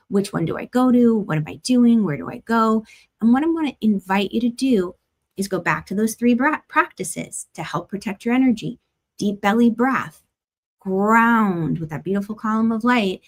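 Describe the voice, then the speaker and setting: A woman astrologer talks through a weekly forecast in a casual, chatty way. Her voice sits at an ordinary middle pitch, and she drops in plenty of "like" fillers and soft laughs as she explains. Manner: chatty and gentle, many "like" fillers, light laughs. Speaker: astrologer host. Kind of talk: casual spiritual forecast talk.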